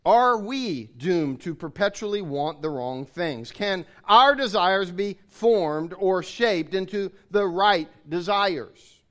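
A man's voice: high voice, animated, slow pace, fairly bright tone. A man preaching a sermon, explaining his points in an earnest way and restating them.

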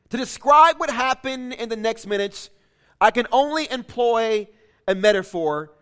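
Pastor guy reading a story in a sermon, high voice, swoops all over, really emphatic. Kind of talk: sermon with a story read aloud.

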